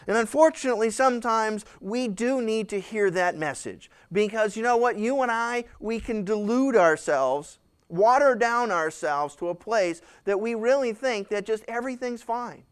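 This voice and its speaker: A man's voice: high-pitched, normal speed, clear, resonant tone. A male pastor teaching through a Bible passage in a conversational, emphatic way, acting out the quoted voices.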